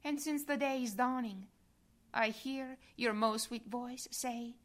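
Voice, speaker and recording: Woman narrator for a devotional reading, unhurried and hushed, at times near a whisper. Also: fairly high pitch. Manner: slow, soft, prayerful, sometimes whispered.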